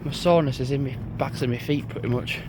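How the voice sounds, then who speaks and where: A man's voice: medium pitch, quick pace, noisy background. A young man, rambling casually to his phone while out on an evening walk uphill. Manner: rambling, chatty monologue. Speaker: vlogger. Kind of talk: casual walking vlog.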